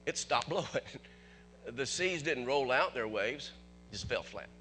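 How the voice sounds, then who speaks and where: A man preaching a sermon as pastor, animated, asking the congregation questions and chuckling often. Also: medium pitch, measured pace, faint music behind.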